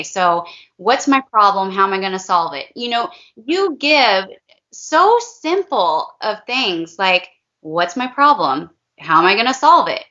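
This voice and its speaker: A woman's voice: medium pitch, pushed and bright, muffled recording. A woman, a parent of a child with special needs, talking in an interview in an earnest, heartfelt way and repeating herself for emphasis. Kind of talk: emotional testimonial interview.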